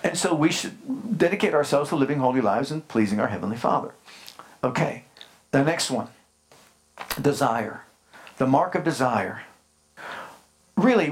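A man's voice: mid-range voice, lively intonation, normal speed, long pauses. A man pastor preaching a sermon emphatically, speaking straight to his congregation and building into fervent, rising passages. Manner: addresses the congregation directly with calls like "Amen?".

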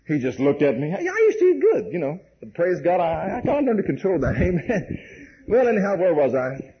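Preacher, high voice, folksy storytelling sermon, dull hissy tape. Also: male voice. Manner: folksy testimony with frequent "bless God" and "amen"; acts out dialogue, laughs while telling stories.

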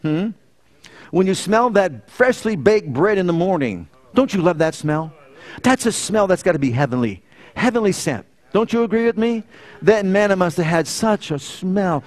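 A male pastor preaching a sermon in a church. His voice sits a little high. He tells stories, rising to loud emphasis and then falling to quiet, earnest lines. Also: expressive, normal speed.

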